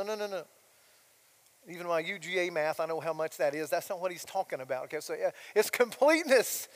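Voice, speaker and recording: The long reverb of a church sanctuary surrounds a middle-aged pastor as he preaches in a high, light voice. His sermon is chatty, full of asides and questions aimed at the congregation.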